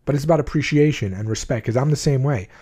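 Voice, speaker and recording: A man's voice: mid-range voice, fast talker, dark tone, slightly rough. A man telling his own life story to his viewers, blunt and emotional, often restarting his sentences. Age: adult, at least 20s. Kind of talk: candid personal storytelling.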